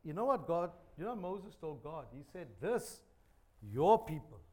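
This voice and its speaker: A man's voice: on the high side, animated, brisk. A man preaching a sermon, joking and chatty, repeating phrases. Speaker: pastor. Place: church.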